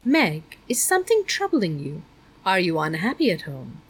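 A woman's voice: fairly low pitch, wildly swooping pitch, normal speed, breathy edge, heavily acted. A woman doing a stern, prying school principal. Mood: probing. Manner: lecturing, condescending.

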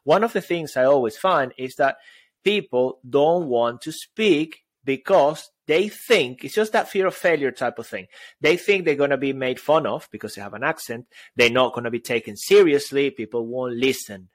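A man's voice: medium pitch, animated, moderate pace. Spanish-accented man co-hosting a podcast. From Spain. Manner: playful, switches between languages. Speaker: podcast co-host. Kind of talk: casual podcast chat.

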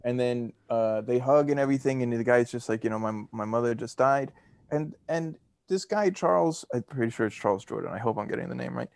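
Male podcast co-host, mid pitch, dry close sound, rambling storyteller. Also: a little fast, creaky, hardly any pauses, darkish tone, dry recording. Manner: rambling, chatty storytelling with fillers and laughs. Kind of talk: casual chat.

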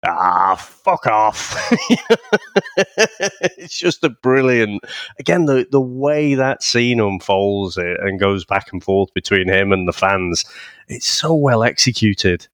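Low-voiced laid-back man. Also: slow, clear, resonant tone, no room sound. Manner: relaxed, chuckling, retells scenes. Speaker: podcast co-host. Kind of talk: casual film chat.

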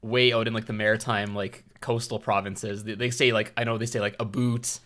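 A man from Canada, co-hosting a podcast in casual chat, quick to joke and full of restarts. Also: lowish voice, little pitch movement, noisy background. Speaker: podcast co-host.

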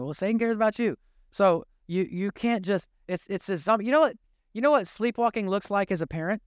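A man's voice: high-pitched, a little fast, clear, resonant tone, dry recording, studio quality. An older man, a grandfather and pastor, preaching a sermon in a conversational, joking way. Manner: conversational, jokey, animated preaching.

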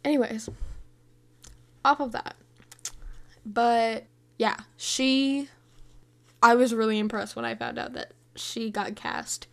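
A woman of about eighteen chatting casually about a movie, scattered and excitable, rambling from thought to thought. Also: on the high side, slow pace, vocal fry, pauses often. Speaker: movie reviewer. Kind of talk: casual chat.

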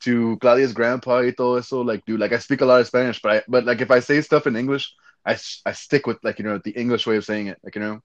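A man's voice: mid-range voice, steady tone, quick pace, highs cut off. Young man from Texas, Mexican-American accent, loose rambling podcast chatter, casual swearing. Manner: rambling, laid-back, swears freely, says dude a lot. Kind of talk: casual chat.

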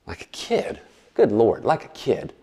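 Chatty preacher in a big reverberant hall. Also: male voice, medium pitch, wildly swooping pitch, a little slow, warm tone. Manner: chatty, verbose, digressing with asides and jokes. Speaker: pastor. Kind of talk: sermon. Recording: long reverb in a large hall.

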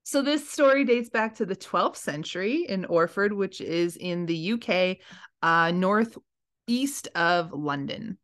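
A woman's voice: on the low side, lively intonation, slow pace, fairly bright tone. A woman co-hosting a podcast, chatting playfully and retelling a legend with frequent giggles. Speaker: podcast co-host. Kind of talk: casual chat.

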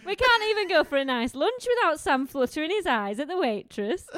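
Woman doing a gossipy middle-aged Lancashire mum, high, exaggerated, dry close sound. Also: sing-song, brisk, a bit bright, no echo. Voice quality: exaggerated, giggly.

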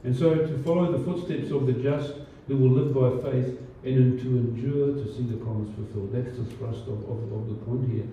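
A man's voice: mid-range voice, steady tone, normal speed, few pauses, warm tone, slight background noise. A man preaching a sermon as pastor, talking in a conversational way with many fillers and restarts. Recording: distant, roomy, dull church recording.

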